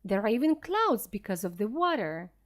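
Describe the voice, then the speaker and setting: A woman's voice: mid-range voice, big pitch swings, lightly acted. Woman reading as an eager old professor. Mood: excited. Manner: eager, explaining slowly and clearly. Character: excited elderly male professor explorer.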